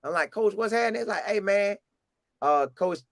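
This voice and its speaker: Casting note: animated Southern storyteller, a man with a high voice, recorded dry and close. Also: moderate pace, creaky, no echo. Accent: Southern US, Florida. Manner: animated, acts out quotes in a higher voice. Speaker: storyteller recounting a game visit. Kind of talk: casual storytelling.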